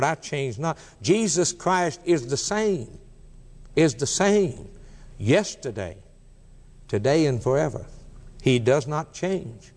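A man's voice: a little high, a little mellow. A man preaching a sermon with emphatic, repetitive cadence, building phrase upon phrase. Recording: long hall reverb.

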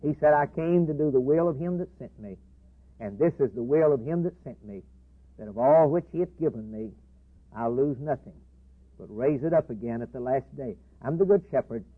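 A man preaching a sermon with impassioned, repetitive declarations that swing between loud and hushed. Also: medium pitch, animated, moderate pace. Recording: tinny phone-like band, husky.

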